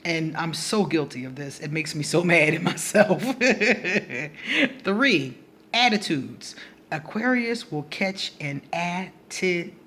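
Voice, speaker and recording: A woman's voice: lowish voice, slow pace. Blunt, laughing woman vlogger. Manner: blunt and animated, laughing often between points. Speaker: astrology vlogger. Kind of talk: casual monologue to camera.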